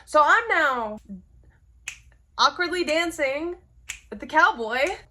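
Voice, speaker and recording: A young woman telling a personal story to camera, candid and expressive, swearing freely. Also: sits high, takes it slowly, slight background noise. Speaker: vlogger. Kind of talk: storytime monologue.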